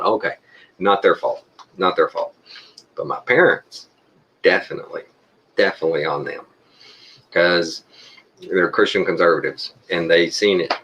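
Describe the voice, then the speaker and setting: A man's voice: deep voice, fairly bright tone, muffled recording, slight background noise. A middle-aged Texan man talking to his viewers in a folksy, rambling way, chuckling often. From Texas. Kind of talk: casual monologue to viewers.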